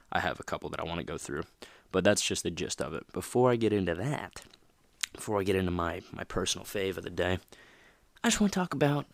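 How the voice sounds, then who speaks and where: A man's voice: sits low, gravelly, no room sound. A man hosting a motivational podcast, talking in a loose, rambling, conversational way and often checking in with "right?". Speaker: podcast host. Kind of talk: casual motivational monologue.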